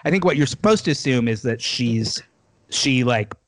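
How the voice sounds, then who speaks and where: A man's voice: medium pitch, animated, normal speed, no echo. Chatty man recapping a show, dry sound. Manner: rambling, retells scenes with lots of "like". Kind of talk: casual recap of a TV episode.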